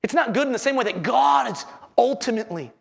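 A man's voice: very high-pitched, expressive, fast talker, creaky. A man preaching a sermon as pastor, earnestly repeating his headings and asking the congregation questions.

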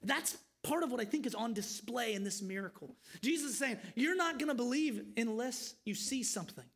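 A man's voice: very high-pitched, animated, fairly quick, fairly bright tone. A man preaching an expository sermon, earnest and pleading, asking his listeners questions.

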